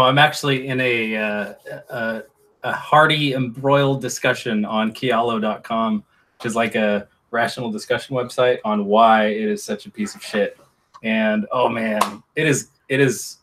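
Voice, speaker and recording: A man's voice: mid-range voice, fairly bright tone. Casting: mid-voiced man, guest on a live stream, blunt, wry, emphatic. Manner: blunt, joking, emphatic opinions. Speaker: operations manager, guest. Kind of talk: casual live stream chat.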